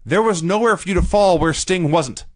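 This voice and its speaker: A man co-hosting a podcast, reviewing old wrestling in casual, wry, animated chat. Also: high-pitched, normal speed, no echo. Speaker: podcast co-host.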